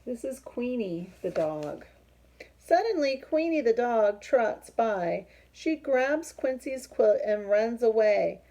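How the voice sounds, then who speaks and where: A woman reading a picture book aloud to children, explaining pictures and asking questions, with a husky voice. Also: on the high side, big pitch swings, takes it slowly, mellow, poor audio.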